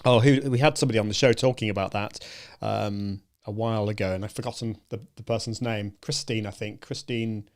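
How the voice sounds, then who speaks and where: A man hosting a conversation, encouraging and warm-hearted in tone, often restarting his sentences. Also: fairly low pitch, steady tone, a little fast. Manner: encouraging, hesitant with many restarts. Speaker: show host. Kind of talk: casual conversation.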